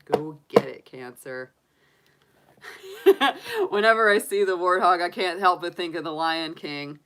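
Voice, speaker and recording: A woman giving a live tarot reading in a chatty, animated way, laughing often between points. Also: lowish voice, takes it slowly, long pauses. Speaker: tarot reader.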